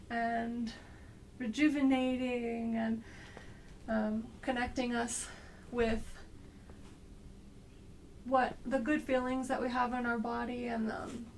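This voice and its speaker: A woman with a slight cold guiding an exercise class, giving gentle, unhurried cues with frequent pauses. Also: on the high side, gravelly, distant mic, a little hiss or hum. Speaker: movement instructor.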